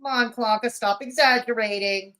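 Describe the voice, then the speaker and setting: A woman's voice: fairly high pitch, steady tone, moderate pace, fairly bright tone, low-quality recording. A woman hosting a live-stream, commenting on clips in a sarcastic, mocking way. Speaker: commentary channel host.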